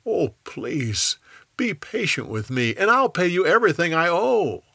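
Man doing a soft pleading friend, quieter, lively storybook pitch. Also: unhurried, vocal fry, no room sound, clean studio sound, exaggerated voice.

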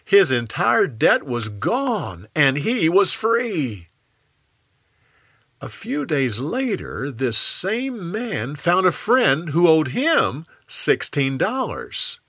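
Male storyteller, bright and animated, slow deliberate reading. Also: on the high side, breathy edge, no echo, studio quality. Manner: lively, expressive storytelling. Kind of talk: scripted narration.

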